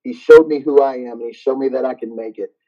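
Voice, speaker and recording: A man's voice: mid-range voice, fairly even intonation, quick pace. A middle-aged man, a gym owner, telling stories animatedly as a guest in a casual interview and laughing often. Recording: dull lo-fi sound.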